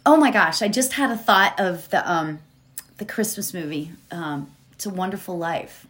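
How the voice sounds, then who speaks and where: A woman giving a slow, gentle inspirational talk that moves into a guided meditation. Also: mid-range voice. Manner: slow, gentle, drawn-out phrasing with soft laughs. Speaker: spiritual speaker leading a meditation.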